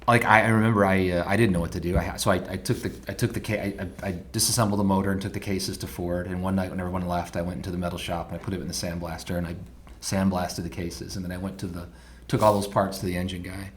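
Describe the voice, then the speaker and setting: Low-voiced Midwestern man telling stories. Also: fast. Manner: animated storyteller, acts out quotes loudly. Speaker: podcast guest, motorcycle designer. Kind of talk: casual storytelling chat.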